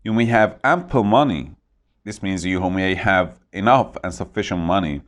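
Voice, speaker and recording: A man teaching English vocabulary, saying each word slowly and repeating it to model pronunciation. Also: low voice. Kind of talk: vocabulary lesson.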